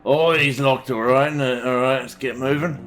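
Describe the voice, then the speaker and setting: A man's voice: medium pitch, steady tone, moderate pace, a bit bright. Irreverent man joking through a game. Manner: joking and irreverent, swears, mocks in-game text. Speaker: let's play host. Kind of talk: casual gameplay commentary.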